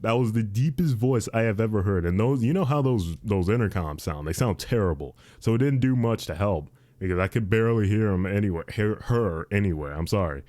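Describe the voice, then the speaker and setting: A man's voice: on the low side, animated, fairly quick, few pauses, warm tone, no room sound. A young man hosting a casual podcast, rambling and repeating himself, calling the listener dude. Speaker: podcast host. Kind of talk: casual chat.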